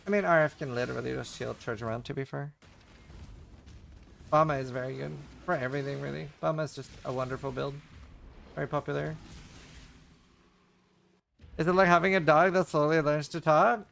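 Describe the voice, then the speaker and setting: A man's voice: on the high side, steady tone, a little fast, vocal fry, long pauses, a bit bright, a little hiss or hum. A man live-streaming a game, chatting casually and answering his chat between plays.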